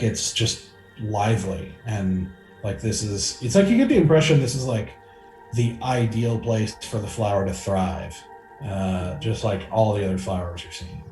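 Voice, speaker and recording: A man's voice: on the low side, mellow. A man narrating as game master of a tabletop game, rambling with many fillers and restarts. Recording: echoey room with faint music.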